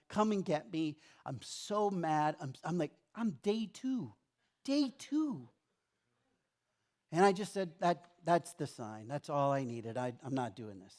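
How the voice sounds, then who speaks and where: A middle-aged man preaching a sermon in a church, telling stories conversationally and acting out his own complaints. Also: a little high. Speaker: pastor.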